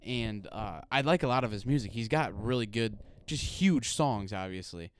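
A man with a Midwestern accent co-hosts a casual podcast, rambling along and saying "like" constantly. His voice is on the low side and animated at a normal speed, with a little hiss or hum in the audio.

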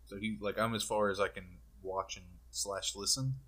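A man with a low, slightly husky voice chats casually as a podcast co-host. He rambles through long explanations, stacking fillers as he goes. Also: little pitch movement, normal speed, fairly bright tone. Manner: rambling, filler-heavy storytelling. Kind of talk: casual chat.

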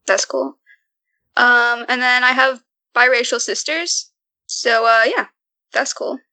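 A woman guest on a casual podcast chat, relaxed and laughing easily, giving short answers. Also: a little high, slow pace, dry recording, rough recording.

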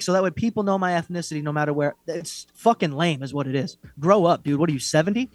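A man's voice: a little high, fast, dry recording. A man co-hosting a casual fight podcast, ranting bluntly and mockingly with plenty of profanity. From Irish heritage. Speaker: podcast co-host. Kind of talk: casual MMA chat.

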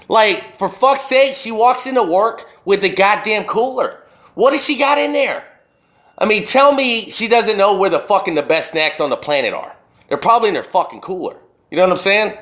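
A man ranting alone in a profane, animated way, firing off rhetorical questions as a show host. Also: high-pitched. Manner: burping. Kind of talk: profane solo rant.

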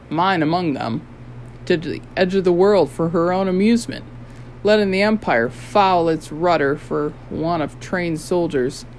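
A blustering male ship captain, quick to complain and quicker to panic, as an audiobook narrator puts him on. He speaks in an agitated, exclaiming way at a middle pitch. It is a storybook character read aloud. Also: darkish tone, slight background noise, lightly acted, poor audio.

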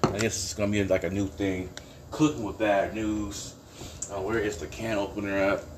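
A man's voice: lowish voice, flat delivery, moderate pace, noisy background. A man hosting a casual solo podcast from his kitchen, rambling and swearing, breaking into bursts of laughing outrage. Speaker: podcast host. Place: home kitchen.

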